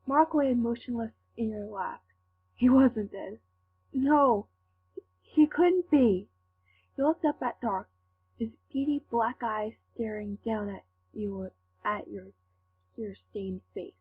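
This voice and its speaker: Slow-reading woman on a tinny line. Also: fairly high pitch, breathy edge. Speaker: fanfic reader. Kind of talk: reading fan fiction aloud. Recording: tinny lo-fi with faint hum.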